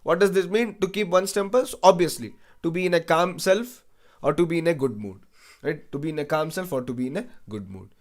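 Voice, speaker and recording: A young male educator with a fairly high voice speaks fairly quickly in an online exam-prep lecture. He repeats phrases, tacks "right?" onto most lines, and mixes English with Hindi asides.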